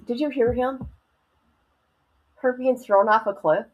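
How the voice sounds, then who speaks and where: Exclaiming woman streamer, slightly high. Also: measured pace, pauses often, darkish tone, poor audio. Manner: exclaiming, laughing in disbelief. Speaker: livestream host. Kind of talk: casual reaction commentary.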